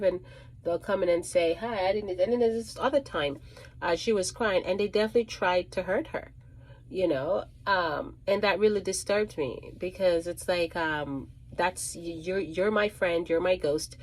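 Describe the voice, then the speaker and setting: Low-voiced woman rambling a storytime. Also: a little mellow. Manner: rambling, restarts and repeats phrases, many ums. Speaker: psychic medium. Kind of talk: casual storytime monologue.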